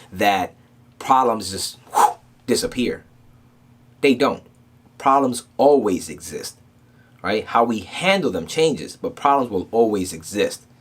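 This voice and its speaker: A man hosting a casual motivational talk, telling stories in a loose, streetwise way and often checking in with "right?". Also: sits low. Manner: streetwise, animated storytelling with frequent "right?". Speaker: motivational podcast host.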